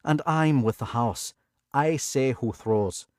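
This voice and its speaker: A man's voice: medium pitch, slow pace, a little mellow, dry recording, studio quality, voice pushed up, lightly acted. A man voicing a cocky middle-aged Irish pit boss in an audiobook, speaking in a bossy, condescending way.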